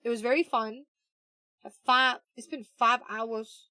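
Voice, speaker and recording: A woman's voice: fairly high pitch, steady tone, measured pace, sharp tone, no room sound. A woman streamer chatting casually with her viewers while playing, chatty and easily amused. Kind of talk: casual game livestream chat.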